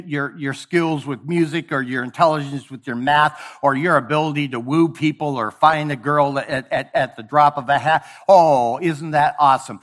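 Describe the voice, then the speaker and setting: A man preaching a sermon, emphatic and sometimes sarcastic, swinging from booming lines to hushed ones. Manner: sarcastic mock praise.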